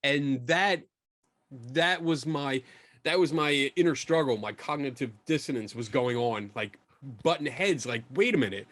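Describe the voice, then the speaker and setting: A middle-aged man tells a story as a podcast guest, lively and quick to poke fun at himself. His voice sits at an everyday, mid-range pitch. The sound is dry and close, with no room around it. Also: no echo. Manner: animated, self-mocking storyteller who acts out his own quotes. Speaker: guest, skeptical paranormal investigator. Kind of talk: casual storytelling in a podcast interview.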